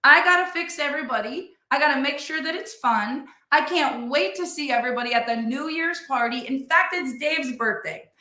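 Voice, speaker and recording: A middle-aged woman giving a motivational talk, telling animated stories and acting out what others say, with "like" in nearly every sentence. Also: sits high, normal speed, few pauses. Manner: animated storytelling, acts out other people's lines; says "like" constantly. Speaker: motivational speaker and business leader. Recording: roomy echo.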